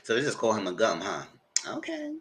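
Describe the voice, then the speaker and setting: A man giving casual, chatty recap commentary on a reality show, often jumping into a high voice to mimic people. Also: fast talker, a little hiss or hum. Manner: chatty, animated, mock-quotes people in a high voice. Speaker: TV recap host.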